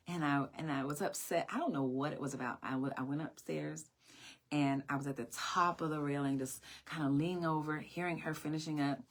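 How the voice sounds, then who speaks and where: A woman's voice: low-pitched, fairly bright tone. A woman telling a personal story in a sermon, earnest and reflective, often repeating her phrases. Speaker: speaker. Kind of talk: sermon-style personal testimony.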